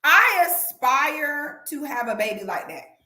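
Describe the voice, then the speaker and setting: Speaking slowly with a voice that sits high, this commentary channel host runs a casual livestream from an echoey room. She's animated and emphatic, frequently tossing in "okay?".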